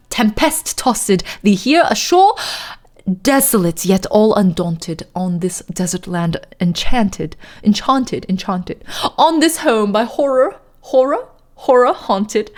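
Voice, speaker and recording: A woman's voice: on the high side, darkish tone. A woman streamer doing a dramatic poetry reading in a put-on posh British accent, theatrical and drawn out, echoing repeated words.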